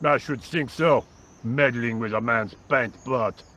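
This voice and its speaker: A man's voice: mid-range voice, unhurried, sharp tone. A man voicing a haughty French street painter with a French accent, huffy and indifferent.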